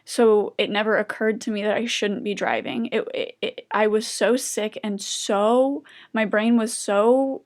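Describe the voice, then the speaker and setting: A young adult woman in a personal confessional monologue, speaking emotionally with halting restarts and pauses. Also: medium pitch. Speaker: vlogger sharing recovery story.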